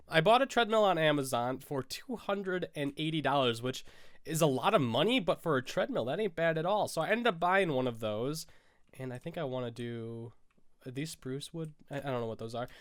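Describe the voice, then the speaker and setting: Through a cold that leaves him stuffy and sniffling, a young American man rambles over Minecraft gameplay as a YouTuber, frequently self-correcting. His fairly high, fairly bright voice is recorded at studio quality without echo.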